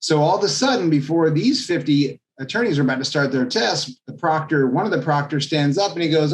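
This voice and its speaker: Animated male storyteller, a touch higher-pitched than most men; realtor guest on a podcast. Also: a little fast, hardly any pauses, slight background noise. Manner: animated anecdote telling, acts out quoted voices. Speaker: real estate agent guest.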